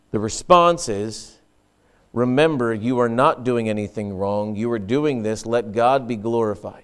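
A man's voice: medium pitch, unhurried, a bit bright, smooth. A man pastor preaching an earnest, emphatic sermon with frequent restarts.

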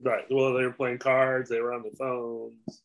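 A man's voice: mid-range voice, little pitch movement, a little slow, rough recording. A man co-hosting a podcast in casual chat, matter-of-fact and often giving short agreeing replies. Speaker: podcast co-host.

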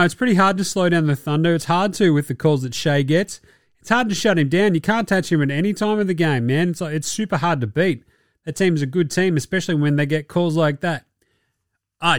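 A man with an Australian accent hosting a sports podcast, ranting casually with animated, mocking and sweary banter. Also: fairly high pitch, fairly quick, no room sound, clean studio sound.

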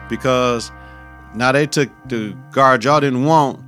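Male podcast host, casual profane sports talk, mid pitch, faint music underneath. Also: slow, a bit bright. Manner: loose, profane, slangy, conversational.

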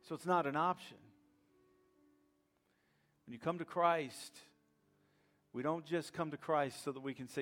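High-voiced preaching man. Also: soft background music. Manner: rising to loud emphatic preaching with dramatic pauses. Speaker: pastor. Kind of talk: sermon.

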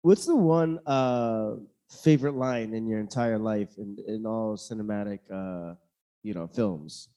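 A man's voice: lowish voice, measured pace, warm tone. A man hosting a podcast, talking casually and playfully and laughing often. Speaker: podcast host. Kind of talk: casual chat.

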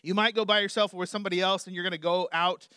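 A middle-aged male pastor preaching a sermon, animated, swinging between loud emphasis and quiet asides. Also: sits high, very fast, clean tone, no room sound, clean studio sound.

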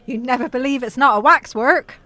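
Muddled chatty mum. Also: female voice, high-pitched, a little fast, sharp tone, no room sound. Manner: cheerful, mangles words. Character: muddled chatty mum, middle-aged woman. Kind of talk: audio sketch comedy.

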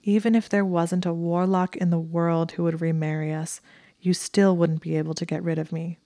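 A woman voicing a clever, sharp-tongued young witch, brisk, teasing and quick to take offence. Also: on the low side, flat delivery, dry recording, clean studio sound, lightly acted.

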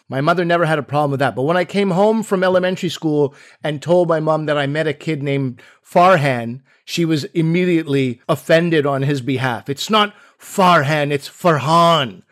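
A man with a slightly raised pitch chats as a podcast co-host. He tells his stories in an animated way and slips into other people's voices to act out what they said. The tone stays relaxed and conversational. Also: brisk, few pauses. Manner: animated storyteller who acts out other people's lines. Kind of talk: casual podcast chat.

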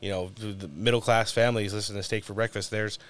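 A man's voice: on the low side, fairly even intonation, quick pace. A man hosting a podcast, casually asking long leading questions and chatting, with plenty of fillers. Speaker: podcast host. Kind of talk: casual political chat.

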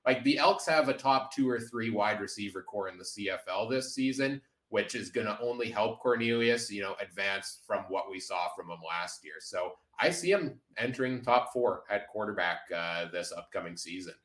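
Man, podcast host, lowish voice, echoey room, analytical, lots of "uh". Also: animated, moderate pace, hardly any pauses, fairly bright tone. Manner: analytical, many "uh" fillers, steers the discussion. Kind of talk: casual sports roundtable chat.

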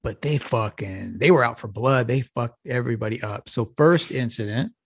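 A man's voice: medium pitch, normal speed, slightly rough, no echo, studio quality. A middle-aged man from Texas, a podcast co-host telling a rambling, profane story in a casual chat. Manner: profane, laid-back storytelling with frequent laughs.

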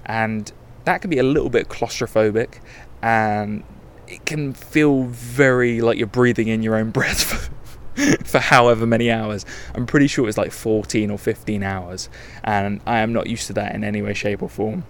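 A man's voice: fairly low pitch, fairly even intonation, moderate pace. A young man hosting a podcast, talking candidly in a rambling, self-correcting monologue. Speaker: podcast host. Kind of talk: casual travel podcast monologue.

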